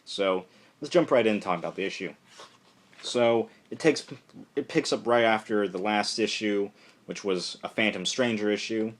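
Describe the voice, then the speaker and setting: A young man talks through a comic issue in a loose, rambling way. His voice sits a bit low, and he keeps slipping into quick impressions of the characters. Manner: rambling, lots of fillers, acts out characters' lines. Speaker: comic book reviewer. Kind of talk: casual solo review.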